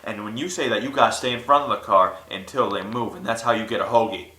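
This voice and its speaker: A man voicing a streetwise one-eyed homeless man who coaches loudly in street slang, in a roomy recording. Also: lowish voice, fairly even intonation, fast talker. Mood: coaching. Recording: roomy echo.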